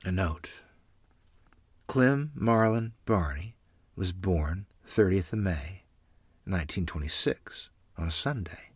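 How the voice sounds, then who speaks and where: A man reads a family memoir in a deep, husky voice with a lively, rising and falling delivery. The sound is close and dry, with no room around it. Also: slow, no room sound. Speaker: narrator. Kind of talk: memoir audiobook reading.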